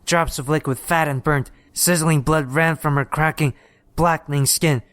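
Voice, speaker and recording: A man reading a horror story aloud in steady, measured scripted narration. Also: on the high side, dry recording.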